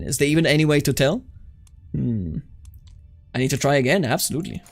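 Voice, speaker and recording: A man streaming a strategy game, reading event text aloud and reacting loudly to what happens. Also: a little high, fairly quick, creaky, pauses often, faint music behind. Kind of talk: live game stream commentary.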